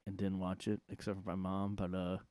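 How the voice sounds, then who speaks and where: Guy from south jersey rambling into his mic at home, smooth clear voice, lots of uhs and likes, super dry sound. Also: low-pitched, completely flat delivery, fairly quick, darkish tone, dry recording. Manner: rambling, filler-heavy and jokey. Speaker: podcast host. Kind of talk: casual solo monologue. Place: his own room.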